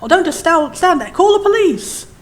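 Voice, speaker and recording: A woman's voice: very high-pitched, expressive, moderate pace. A young woman giving chatty, enthusiastic and opinionated commentary as she plays a game. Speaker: let's play host.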